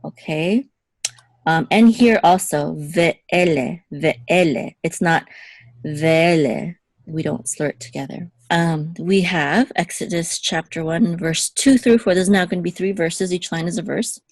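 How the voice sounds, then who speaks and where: A woman with a somewhat low voice leads a patient, step-by-step language lesson. She says each word slowly, repeats it to set the right way against the wrong one, and checks in with the listener often. The sound is dry and close, with no room around it. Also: no echo. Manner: repeats words slowly to contrast pronunciations, frequent "okay?" checks. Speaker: Hebrew teacher.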